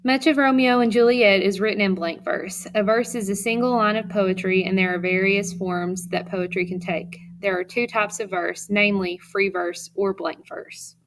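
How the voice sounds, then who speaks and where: A woman's voice: medium pitch, fairly even intonation, moderate pace, few pauses. Woman teacher reading lesson notes. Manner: reads notes aloud steadily, with occasional fillers. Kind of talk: recorded classroom lecture.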